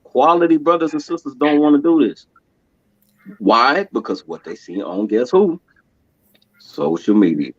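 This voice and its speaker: A man in casual podcast conversation, telling stories animatedly, laughing often and slipping into voices for quotes. His middle-pitched voice comes through a dull, muffled lo-fi recording with a dry, close sound. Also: unhurried, pauses often, husky, no echo. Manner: animated, laughing storyteller who acts out quotes. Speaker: podcast guest.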